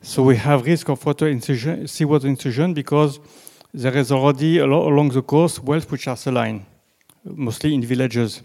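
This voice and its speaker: A man with a French accent, a native French speaker, giving a slow, halting presentation with slides and frequent restarts. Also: medium pitch, warm tone. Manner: halting, many restarts and fillers, deliberately slow. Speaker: presenter on groundwater.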